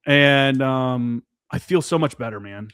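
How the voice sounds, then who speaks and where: On a casual podcast, a man who served as a Marine forward observer speaks candidly and swears freely, peppering his talk with "dude" and "man." His medium-pitched voice is smooth, fairly bright, and measured, recorded with clean studio quality and no room sound.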